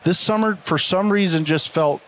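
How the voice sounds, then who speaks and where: A man's voice: high-pitched, normal speed, fairly bright tone, slight background noise. Rambling man telling work stories. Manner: rambling storyteller with frequent restarts. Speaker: landscaping business owner. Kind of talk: casual podcast chat.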